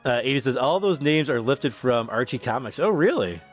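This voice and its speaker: A man hosting a live game stream, casually chatting and reading viewer comments aloud, laughing often and stumbling over his words, his voice getting a bit hoarse. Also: medium pitch, expressive, moderate pace, soft background music. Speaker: streamer host reading chat.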